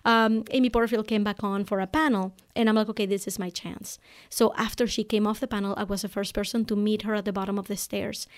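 A woman's voice: medium pitch, level tone, quick pace, hardly any pauses. A woman hosting her own podcast, telling a personal story in an earnest, heartfelt way with casual fillers. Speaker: podcast host.

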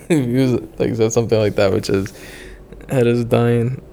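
A man's voice: medium pitch, steady tone, moderate pace, creaky, warm tone, a little hiss or hum. A young man chatting loosely about his travels, rambling with lots of fillers and casual swearing. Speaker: travel vlogger.

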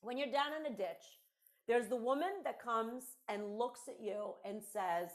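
A middle-aged woman with a somewhat high voice talks in a casual podcast conversation. She speaks as a mentor, emphatic and direct, and often says a key phrase twice for weight. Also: unhurried.

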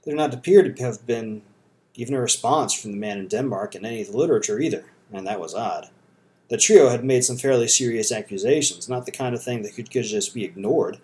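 A male narrator reading a novel aloud, steady and measured. His voice sits at a middling pitch and he tells the story evenly. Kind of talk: audiobook narration.

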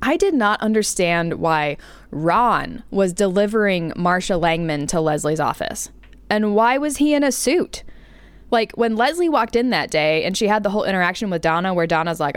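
A woman co-hosting a podcast in casual recap chat, playful and teasing, quick to laugh. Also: mid-range voice, very animated, no echo. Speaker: podcast co-host.

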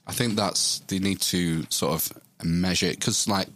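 A man's voice: sits low, fairly even intonation, unhurried, a bit bright, no echo. A man hosting a podcast, reading out news stories and bantering playfully. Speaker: podcast host.

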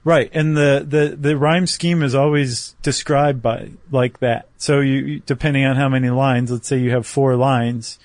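A man's voice: mid-range voice, steady tone, moderate pace, hardly any pauses, no echo. A man co-hosting a podcast, explaining things step by step in casual chat with small self-deprecating jokes. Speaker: podcast co-host.

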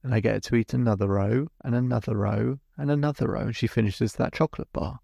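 Man, middle-aged, podcast host, gravelly voice, dry close mic, storytelling monologue. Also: mid-range voice, fast, warm tone, no room sound. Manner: recounts a client session step by step, then explains.

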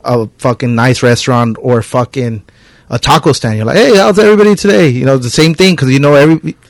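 A man's voice: mid-range voice, steady tone, fairly quick, no echo. Young guy guesting on a podcast, chill, swears a lot, super dry sound. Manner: laid-back, swears casually. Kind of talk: casual podcast conversation.

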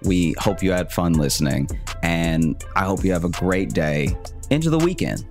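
A man co-hosting a comedy podcast, making his points in a measured, halting way. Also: deep voice, sing-song, over music. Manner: measured, halting, lots of restarts. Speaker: podcast co-host. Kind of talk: casual comedic debate.

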